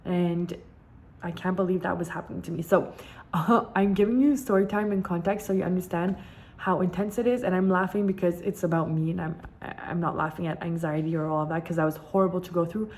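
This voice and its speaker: A woman's voice: lowish voice, fairly even intonation, a little fast, a little mellow. A young woman, vlogging candidly and repeating words for emphasis as she tells a personal story.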